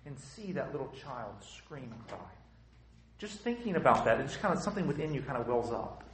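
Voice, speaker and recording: A man's voice: mid-range voice, big pitch swings, fairly quick, a bit bright, echoey room, rough recording. A man preaching a sermon with impassioned, emphatic, repetitive phrasing.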